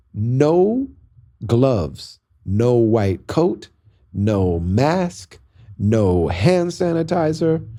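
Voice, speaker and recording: A middle-aged man hosting a podcast, telling a story in an animated way and acting out the other voices with big jumps in pitch. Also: vocal fry.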